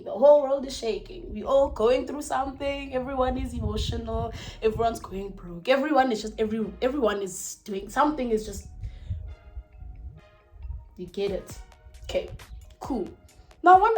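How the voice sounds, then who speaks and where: A young woman with a South African accent talks through a personal story in her room, her voice pitched a little high and her delivery animated and unfiltered. She swears easily and drifts off her point now and then. Soft music plays faintly behind her. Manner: animated, chatty, swears freely, trails off. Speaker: vlogger. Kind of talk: casual storytime.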